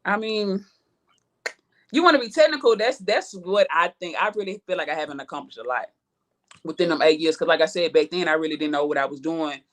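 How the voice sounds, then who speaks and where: A woman's voice: sits low, brisk. A woman rap artist from Houston with a Southern accent, talking in a laid-back, slangy way and swearing freely in a casual interview. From Houston, Texas.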